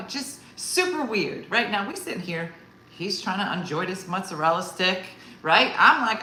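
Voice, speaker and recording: A middle-aged woman comedian hosting online and telling a story in a rambling, animated way, with constant asides to her audience. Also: medium pitch, normal speed, roomy sound, rough recording. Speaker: comedian and host. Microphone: video call.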